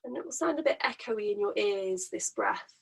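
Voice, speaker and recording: A woman teaching a pregnancy yoga class, guiding breathing in a soft, slow, soothing way. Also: mid-range voice, animated, gravelly, slightly rough, low-quality recording. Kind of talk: guided yoga class instruction. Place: home.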